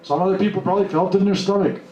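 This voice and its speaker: Rapid-fire and high-pitched, with a steady, warm tone, this man is recorded from a distance and the audio sounds dull. He's giving an emphatic motivational talk to a live audience and voicing the people he quotes, off-mic in an echoey room with faint hiss.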